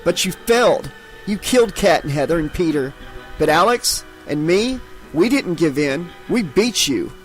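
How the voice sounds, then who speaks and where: A man's voice: on the high side, expressive, moderate pace, soft background music, close to an everyday voice, rough recording. A man voicing an angry, defiant teenage boy who snarls his words in a storybook reading.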